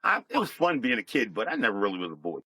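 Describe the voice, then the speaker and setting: A middle-aged man telling his life story as a guest, in a plain, reflective, unhurried way. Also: lowish voice, wildly swooping pitch, sharp tone, slightly rough, no room sound, low-quality recording. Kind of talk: personal storytelling.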